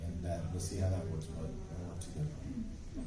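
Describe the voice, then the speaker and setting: A man telling stories as a guest on a convention panel, in an animated, emphatic way with bursts of volume, recorded on a phone from the audience. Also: low-pitched, normal speed, heavy background noise. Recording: echoey hall, phone from far off.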